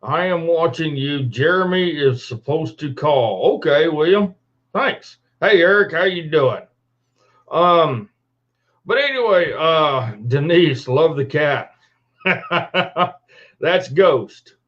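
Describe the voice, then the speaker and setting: Man, folksy livestream host, slow and a bit high, dull lo-fi computer mic. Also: lively intonation. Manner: folksy, greets viewers by name. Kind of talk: casual live-stream chat. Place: at home at the computer.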